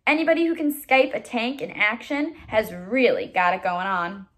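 A woman's voice: a little high, moderate pace, a bit bright, close to an everyday voice. A woman reading aloud voices a male army tank commander who gets emotional over his dog. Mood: excited.

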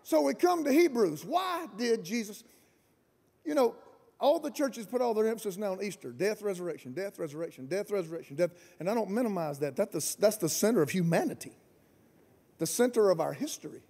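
A man preaching a fiery sermon as guest pastor, shouting and colloquial. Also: sits high, animated, brisk, creaky, slightly rough. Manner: shouting, colloquial, Southern-style preaching with rising emphasis. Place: large camp meeting venue.

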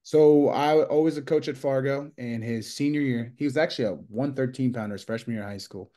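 A man in his thirties talks casually as a guest, spinning rambling anecdotes and acting out other people's lines. His voice sits at an ordinary middle pitch for a man. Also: brisk. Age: 30s. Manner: rambling, animated anecdotes with quoted dialogue. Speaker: guest wrestler and coach. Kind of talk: casual storytelling interview.

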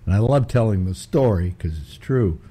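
A man's voice: lowish voice, lively intonation, normal speed, warm tone, breathy edge. An older man hosting a casual chat, rambling through stories with many restarts. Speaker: host.

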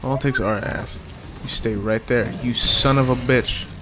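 A young man streaming a game with viewers, chatting casually, cursing often and shouting when excited. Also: mid-range voice, moderate pace, noisy background. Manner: profane, joking, bursts of excited shouting. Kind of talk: casual gaming livestream chat.

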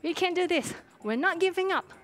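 High-voiced, breathless woman fitness coach. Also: lively intonation, fairly quick, a bit bright. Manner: encouraging, counts down and cheers on. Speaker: fitness instructor. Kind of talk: live workout coaching. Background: faint music.

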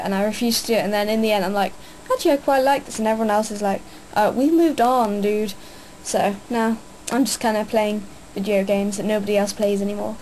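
Young woman, excitable rambling vlogger, somewhat high pitch, faint noise behind. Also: rough recording. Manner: hyper, rambling, many fillers. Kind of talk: casual vlog chat.

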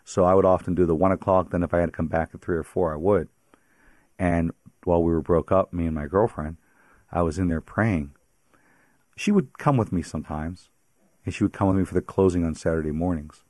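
A priest from the Pittsburgh area tells his faith story as a radio interview guest, in a very deep voice. He talks like a chatty storyteller and breaks into laughter often. The sound is dry and close, with no room behind it. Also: a little fast, darkish tone, no echo.

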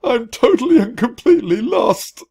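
A gruff male rat forest ranger from a storybook who barks every order like an army general, as a man reads him aloud. The voice sits fairly high and swings widely in pitch. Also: animated, normal speed, lightly acted. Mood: whimpering. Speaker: storybook reader.

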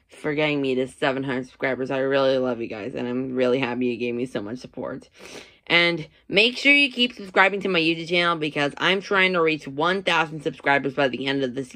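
A man hosting his own channel and closing the video casually, speaking softly and a little out of breath. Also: fairly high pitch. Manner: soft-spoken, a little breathless. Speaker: channel host.

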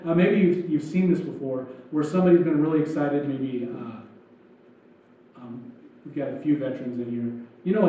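This pastor's sermon has a warm tone and medium pitch, delivered in a loose, joking way with acted-out asides. He's speaking in a church sanctuary. The hall echoes, and the distant mic sounds dull.

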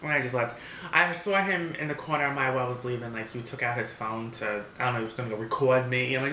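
A man with a bright, forceful voice eats on camera and tells a story in an animated, blunt way, swearing freely. His sound bounces around an echoey room over a faint hiss. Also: medium pitch, fast. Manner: animated, talks while eating; blunt and profane. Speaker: vlogger. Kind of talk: mukbang story time.

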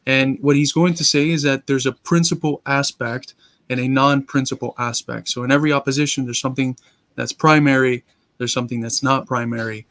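A man explains ideas in a steady, lecture-like manner, like a teacher co-hosting a discussion. His pitch is mid-range, and the recording is dry with no room echo. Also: fairly quick. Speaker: co-host and teacher. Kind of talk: casual discussion.

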